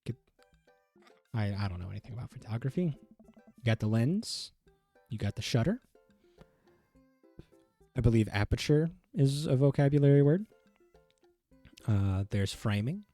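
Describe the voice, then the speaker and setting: A young man streaming a game, talking casually and cracking jokes as he rambles. He trips over his words and corrects himself mid-sentence. His tone is mellow and soft-edged, with faint music in the background. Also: mid-range voice, animated, moderate pace, long pauses, dry recording. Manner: joking, rambling, stumbles and self-corrections. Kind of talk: casual let's-play commentary.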